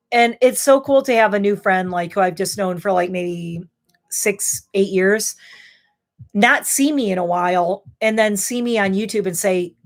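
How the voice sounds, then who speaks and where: A woman's voice: mid-range voice, moderate pace. A woman in her thirties chatting candidly and rambling on a beauty livestream, a bit tipsy from wine. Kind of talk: casual livestream chat.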